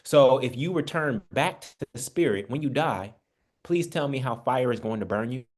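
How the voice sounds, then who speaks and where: An expressive man with a mid-range voice speaks at a moderate pace while teaching an online Bible study. His spiritual lesson comes across as conversational preaching, with rhetorical questions and listeners addressed as family.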